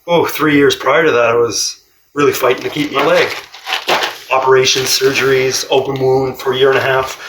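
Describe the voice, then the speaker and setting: A man with a mid-range voice, recorded from a distant mic in a roomy space with a little hiss or hum, tells stories casually as a cross-country traveller. He's animated, laughs often, and acts out the voices of people he quotes.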